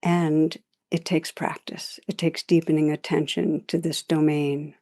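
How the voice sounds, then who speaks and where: An older woman giving a reflective meditation talk, gently telling stories and laughing softly. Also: deep voice, flat delivery, measured pace. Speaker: meditation teacher. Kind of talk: dharma talk.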